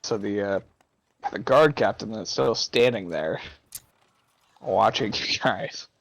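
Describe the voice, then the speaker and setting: A man's voice: fairly low pitch, takes it slowly, creaky, highs cut off. A man acting as game master, narrating a tabletop game in a laid-back, matter-of-fact way.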